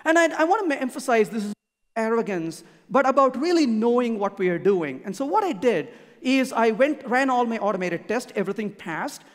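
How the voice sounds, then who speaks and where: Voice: medium pitch, expressive, normal speed. A conference speaker giving a keynote talk, emphatic and repeating key points for emphasis. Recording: long hall reverb.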